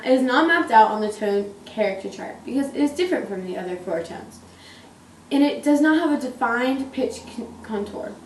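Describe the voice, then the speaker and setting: A woman's voice: on the high side, echoey room, far from the mic, slight background noise. A woman giving a classroom presentation on pinyin, reading carefully with small restarts.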